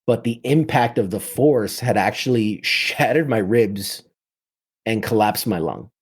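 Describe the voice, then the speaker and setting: A man's voice: on the low side, animated, a little slow, breathy edge. A man in his thirties from New York City, a military veteran telling his story in casual talk, full of vivid detail and frequent restarts.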